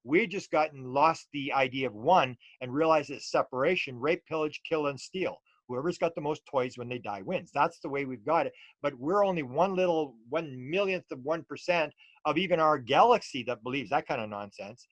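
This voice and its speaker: A middle-aged man talks as an interview guest, telling his stories in an animated, rambling way that often restarts mid-thought. His voice sits a little high for a man. The sound is dry and close, with almost no room around it. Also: normal speed, hardly any pauses, dry recording, muffled recording. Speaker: UFO researcher guest. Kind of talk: casual storytelling interview.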